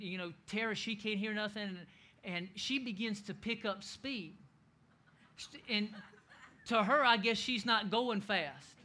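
A middle-aged male pastor telling a funny story in a sermon, laughing often and shouting the lines he quotes. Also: high voice.

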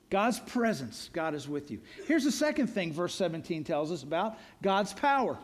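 High-voiced pastor preaching earnestly. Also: male voice. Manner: earnest, emphatic preaching with repeated refrains. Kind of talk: sermon.

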